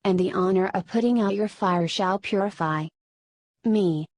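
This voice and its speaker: A woman's voice: medium pitch, measured pace, a little mellow, dry recording. A woman reading a grave devout male assassin. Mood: solemn.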